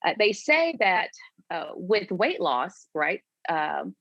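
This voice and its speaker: Woman in her 40s from florida, low-ish voice, chatty and candid, dull dry sound. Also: takes it slowly, creaky, no room sound. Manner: candid, conversational, quotes herself in lively voices. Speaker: guest. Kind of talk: casual interview storytelling.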